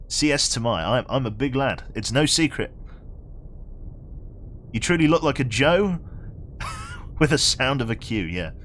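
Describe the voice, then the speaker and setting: A man's voice: mid-range voice, lively intonation, a little slow, pauses often, fairly bright tone, a little hiss or hum. A young man with a Birmingham accent chatting casually with viewers while he streams a game, self-mocking, laughing often and swearing freely. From England. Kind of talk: casual live-stream chat while playing.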